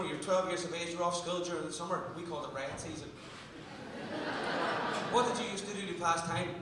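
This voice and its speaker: A man with a Derry accent doing a stand-up set, talking fast and swearing as he works the crowd. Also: sits high, very noisy. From Derry, Northern Ireland. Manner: rapid-fire, sweary banter with the crowd. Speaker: stand-up comedian. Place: comedy club stage. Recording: echoey club recording from a distance. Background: audience laughter.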